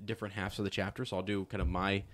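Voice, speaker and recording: A man's voice: deep voice, level tone, racing, fairly bright tone, no echo. A man co-hosting a podcast, chatting casually about a book and rambling with many fillers and restarts. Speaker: podcast co-host.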